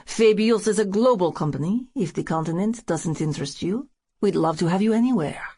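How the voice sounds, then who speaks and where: A woman's voice: mid-range voice, expressive, fairly quick, dark tone, breathy edge, no echo, studio quality. Woman voicing a smarmy rich European businessman. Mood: ingratiating. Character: smarmy wealthy European businessman, thin, entitled. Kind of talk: audiobook character voice.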